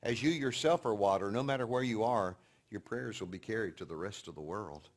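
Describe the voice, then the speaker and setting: A man giving a sermon-style teaching to an audience, telling stories and moving between quiet, hushed passages and loud, emphatic points. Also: on the low side, a little fast. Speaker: speaker teaching a session.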